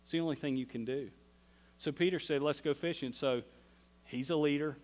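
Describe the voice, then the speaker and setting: A man's voice: a little high, a little fast, darkish tone. A man with a Southern US accent preaching a sermon, telling a Bible story in a folksy way. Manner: folksy storytelling, acts out quoted voices. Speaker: pastor. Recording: long hall reverb.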